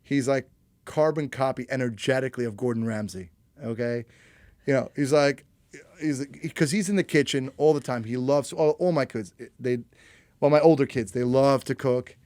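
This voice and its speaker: A man's voice: mid-range voice, normal speed, a little mellow, clean tone, no room sound. A man hosting an interview podcast who asks his questions with affirming, restarting phrasing. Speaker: podcast host.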